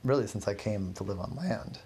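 A man's voice: lowish voice, brisk, a little mellow, slightly rough. A man voicing an anxious young man who keeps apologizing and restarting his sentences. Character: nervous anxious young man moving house.

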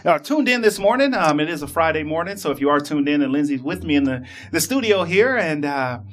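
Lively, laughing man radio host. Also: a little high. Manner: loose, laughing, halting. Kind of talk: morning radio chat. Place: radio studio. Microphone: studio microphone.

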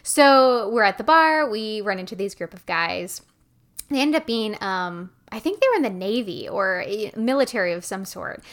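A woman from Michigan telling a story in casual chat, animated and chatty, often laughing between sentences. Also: mid-range voice, moderate pace.

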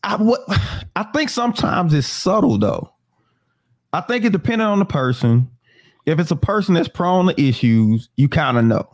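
A man with a fairly high, lively voice co-hosts a casual talk show in a dry room with no echo. He laughs easily and steers the talk, asking questions and inviting listeners to respond. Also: normal speed. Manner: expressive, laughs often, asks the audience questions. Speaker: podcast co-host. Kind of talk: casual chat.

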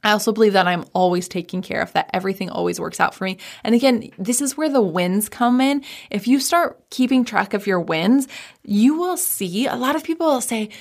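Chatty woman with a gravelly voice. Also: medium pitch, brisk. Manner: chatty, peppered with "like", upbeat. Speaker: business coach. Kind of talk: casual mindset talk. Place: home office.

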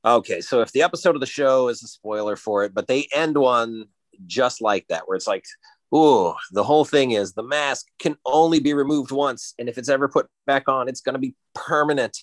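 A man's voice: medium pitch, normal speed, no room sound. A man co-hosting a casual podcast, chatting with wry, joking asides. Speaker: podcast co-host.

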